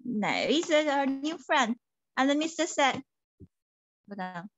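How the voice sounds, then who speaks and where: Woman teacher, children's story, English and Mandarin, animated, sing-song, high voice, dry sound. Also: measured pace, no room sound.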